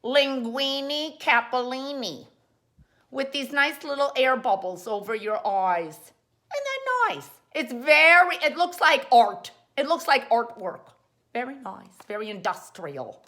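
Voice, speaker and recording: A woman's voice: a little high, expressive, unhurried, a bit bright. A woman hosting a comic how-to show, playful and rambling, full of jokey asides. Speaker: host.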